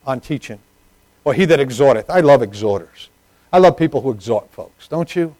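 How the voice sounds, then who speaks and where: A middle-aged man preaching a sermon, moving from hushed personal stories to loud, emphatic preaching. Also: medium pitch, brisk, no echo, low-quality recording.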